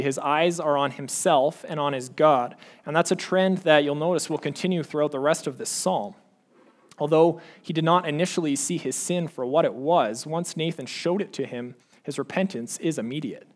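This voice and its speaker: Male preacher, slightly high voice, earnest sermon delivery with slow scripture reading. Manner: earnest, pleading questions to the congregation; slows down to read scripture aloud.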